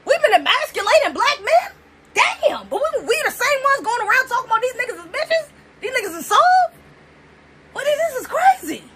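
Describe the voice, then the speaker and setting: A woman's voice: extremely high pitch, sing-song, normal speed, very noisy. A young woman from the United States ranting to camera in an emphatic, profane way, firing off rhetorical questions. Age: young adult. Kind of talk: opinion rant to camera.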